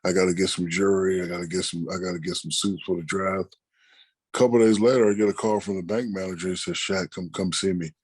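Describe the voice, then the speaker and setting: A middle-aged man, an interview guest, telling stories in a relaxed, conversational way and acting out the people he quotes. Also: low voice, fast, husky, no room sound. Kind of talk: casual storytelling.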